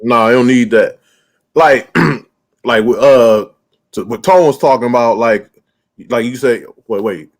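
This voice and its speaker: This podcast host speaks at medium pitch and a slow pace. He chats casually and tells a story in a loose, profane way, packed with fillers like "like" and plenty of cursing.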